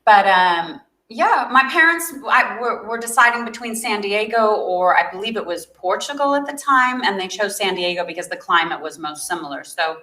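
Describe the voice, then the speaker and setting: Bright, upbeat South Africa-born woman, guest chat, echoey room. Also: mid-range voice, animated, normal speed, few pauses. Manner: upbeat, laughs often, restarts phrases. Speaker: guest, magazine founder. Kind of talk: casual interview chat.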